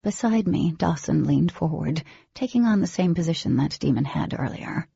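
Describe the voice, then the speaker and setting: Woman reading a novel, raspy low voice, dry close sound. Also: animated, moderate pace, warm tone, no room sound. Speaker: audiobook narrator. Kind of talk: first-person novel narration. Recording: dull lo-fi recording, dry.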